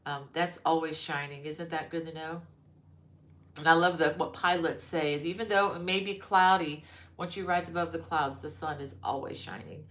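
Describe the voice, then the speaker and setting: Middle-aged woman, crochet live-stream host, casual chat, slightly low voice, lots of ums. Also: fairly even intonation, normal speed, a bit bright. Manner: chatty, greets viewers by name, many ums. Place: her mother-in-law's home.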